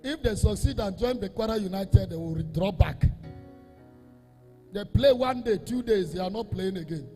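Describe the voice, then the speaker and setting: A man, a Catholic priest, preaching an emphatic sermon that repeats phrases and swells into half-sung, shouted lines. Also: sits high, animated, normal speed, long reverb tail, soft background music.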